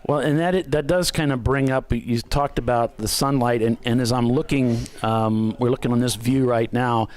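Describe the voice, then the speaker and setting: Male race co-commentator, chatty, relaxed, quick to laugh, mid pitch.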